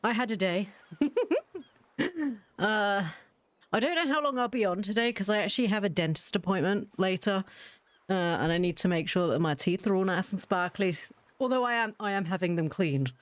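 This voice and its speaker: A woman's voice: mid-range voice, moderate pace, dry recording. A woman streaming a game, chatting casually with viewers in a giggly, self-mocking way.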